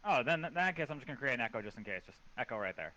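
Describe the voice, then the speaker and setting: A man's voice: mid-range voice, very animated, racing, bright, forceful tone. A man playing a tabletop game, thinking his moves through aloud with some hesitation. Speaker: player. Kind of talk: casual tabletop play.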